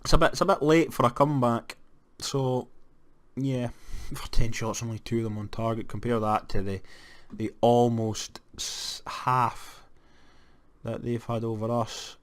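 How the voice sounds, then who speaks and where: A young Scottish man giving casual let's-play commentary on a football management game, moving from flat disappointment to excited shouts. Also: medium pitch, unhurried. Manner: animated, jumps to excited shouts at goals. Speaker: gaming commentator.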